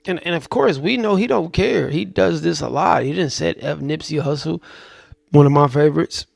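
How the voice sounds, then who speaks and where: Laid-back male reaction host, gravelly voice, dry close sound. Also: on the high side, normal speed, no room sound. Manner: laid-back, conversational, relaxed slang. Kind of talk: casual reaction commentary.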